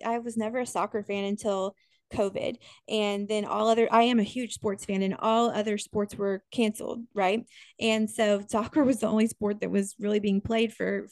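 A woman co-hosting a podcast in casual chat, enthusiastic and quick to restart her sentences. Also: medium pitch, a little mellow, no room sound. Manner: chatty, enthusiastic, self-interrupting. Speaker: podcast co-host.

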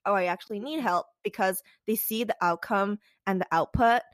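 A woman in her twenties co-hosting a casual podcast, lively and blunt, acting out what people say with big jumps in her voice. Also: normal speed, no echo. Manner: animated, acts out quoted people with big pitch jumps, swears freely. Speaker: podcast co-host. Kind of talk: candid casual podcast chat.

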